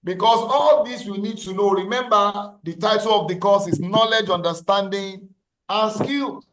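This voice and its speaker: Man lecturing, high and echoey. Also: steady tone, normal speed, a bit bright. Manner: repeats key phrases, asks class questions. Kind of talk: online class lecture. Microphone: video call.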